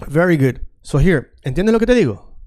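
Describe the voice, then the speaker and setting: A man's voice: on the high side, very animated, fairly quick, darkish tone. Chatty male teacher. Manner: chatty, digresses, repeats phrases while writing on screen. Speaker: Spanish teacher. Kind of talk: casual online language lesson.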